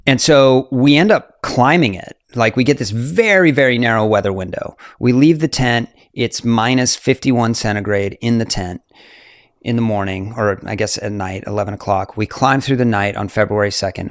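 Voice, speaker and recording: A man's voice: medium pitch, normal speed, no echo, studio quality. A man in his forties, a mountaineer guest, telling his story casually with many fillers and laughs. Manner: animated, fillers, laughs often.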